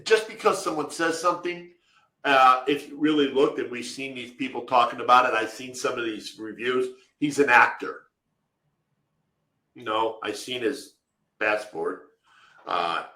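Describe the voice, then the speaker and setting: A man's voice: mid-range voice, pushed and bright, reverberant, poor audio. A man co-hosting a live webinar, answering viewer questions from the chat in an emphatic, direct way. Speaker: webinar co-host.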